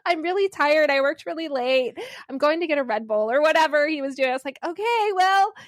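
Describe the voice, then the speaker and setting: A woman in her forties co-hosting a podcast, telling an animated story with frequent laughter in casual chat. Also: sits high, fast talker, dry recording, clean studio sound. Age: 40s. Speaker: podcast co-host.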